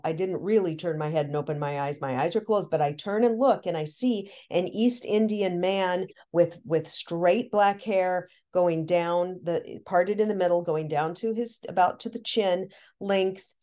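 A woman guest on a podcast, telling a long personal story in animated, excited bursts with many restarts. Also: on the low side. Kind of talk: casual storytelling.

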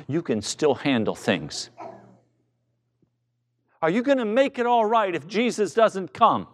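Man, pastor, middle-aged, high voice, slow deliberate pace, impassioned sermon. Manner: impassioned preaching, acting out quoted voices with sudden shouts.

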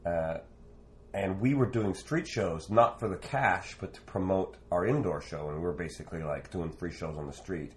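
A Canadian man who used to be a street performer tells a wandering, lively story in conversation, full of fillers. His voice is low and his pace moderate.

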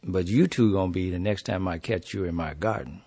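A man's voice: sits low, a little fast, warm tone, breathy edge, pitched below the performer's own voice. A man voicing a stern but kind old woman neighbor, drawling and scolding in a told story. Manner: drawling, scolding, murmurs "mm-hmm". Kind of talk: storytelling performance.

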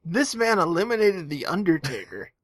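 A man's voice: high voice, very animated, moderate pace, no echo, clean studio sound. A man co-hosting a podcast in casual chat, sarcastic and profane. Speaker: podcast co-host.

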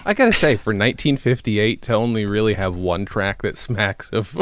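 A man, hosting a podcast in relaxed, wry casual chat. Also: lowish voice, no room sound. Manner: relaxed, wry, quick to laugh. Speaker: podcast host.

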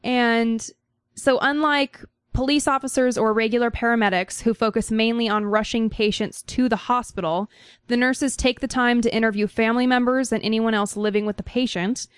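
A woman's voice: fairly high pitch, steady tone, normal speed, clear, resonant tone, no room sound. A woman co-hosting a podcast, explaining news stories in casual conversation. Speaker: podcast co-host.

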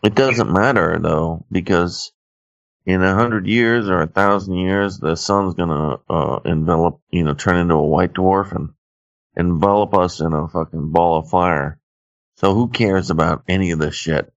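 A man's voice: low-pitched, a little slow, dry recording, highs cut off. A man co-hosting a podcast, rambling in crude, profane casual chat. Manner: profane, rambling, laid-back. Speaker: podcast co-host.

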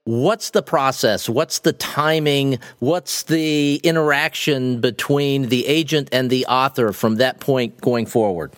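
A man hosting a podcast interview, asking thoughtful questions in a halting way, repeating words as he thinks. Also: medium pitch, dry recording. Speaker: podcast host.

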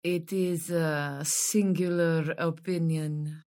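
A woman's voice: sits low, fairly even intonation, takes it slowly, darkish tone. A woman with a Spanish accent playing a cold, elegant museum curator in her thirties, speaking in a cool, formal, cutting manner in a staged play reading. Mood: sardonic.

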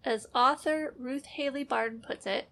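A woman's voice: sits high, normal speed, pushed and bright. Sarcastic, critical woman host. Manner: critical, openly sarcastic and frustrated. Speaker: podcast host, Christian teaching critic. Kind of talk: scripted commentary reading quotes.

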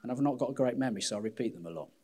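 A man preaching a sermon as pastor, candid and self-deprecating, with an animated delivery. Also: mid-range voice, rapid-fire, a little hiss or hum.

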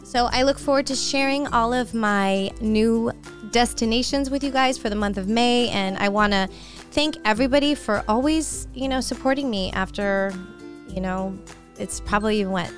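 A woman's voice: fairly high pitch, moderate pace, soft background music. A middle-aged woman hosting a solo podcast, talking in a candid, personal, conversational way. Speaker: podcast host.

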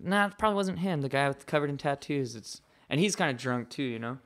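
Speaking quickly in a slightly high voice, this pro skateboarder recounts a story on a podcast as a guest. It's casual and animated, with lots of swearing and filler words.

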